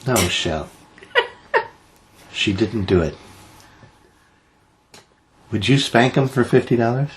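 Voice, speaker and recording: A man's voice: mid-range voice, expressive, takes it slowly, pauses often. Teasing man chatting news, light hiss. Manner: teasing, jokey, reads out odd news stories. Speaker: podcast co-host. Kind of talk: casual news chat.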